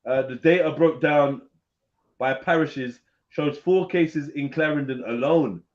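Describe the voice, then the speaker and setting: A man hosting a casual live panel, reading an article aloud haltingly with jokes, over a video call. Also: on the high side. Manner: joking, reads aloud haltingly. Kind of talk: casual live-stream banter. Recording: dull lo-fi stream audio.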